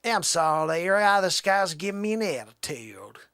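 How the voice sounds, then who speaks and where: A man voicing a loud, rowdy Southern country man with a put-on Southern accent. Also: high-pitched, very animated, normal speed, smooth, no echo, clean studio sound, heavily acted.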